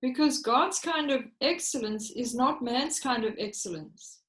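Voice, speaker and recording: Woman host, high voice, encouraging, laughs a lot, roomy echo. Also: unhurried, fairly bright tone. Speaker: podcast host. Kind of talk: casual chat.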